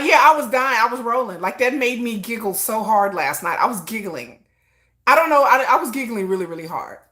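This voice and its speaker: A woman hosting a casual livestream, telling stories with lots of laughter and acted-out quotes. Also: a little high. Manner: animated storytelling, acts out quotes, laughs often; self-described shy introvert. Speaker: livestream host. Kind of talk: casual chat.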